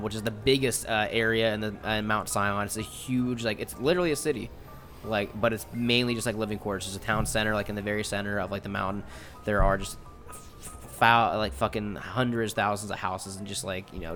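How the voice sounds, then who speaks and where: A man's voice: on the low side, a bit bright. A man narrating as game master, rambling with many fillers and the odd swear word.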